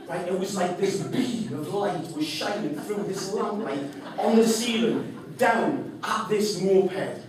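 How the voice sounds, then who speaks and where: A man's voice: high-pitched, slow, hardly any pauses, a crowd in the background. A man telling a personal story to a live audience as a motivational speaker. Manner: animated, acts out an auctioneer's patter. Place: large hall. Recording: echoey hall from far off.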